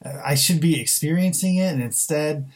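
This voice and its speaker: A man's voice: a little high, normal speed. Blunt, exasperated male podcast film reviewer, casual and sweary. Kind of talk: casual chat.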